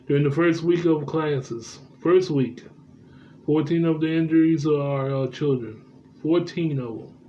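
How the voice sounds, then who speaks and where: A man with a mellow, somewhat high voice vlogs the news, reading reports aloud as casual commentary. He stumbles along haltingly, full of "uh" fillers and restarts. The audio is dull and lo-fi with faint background noise.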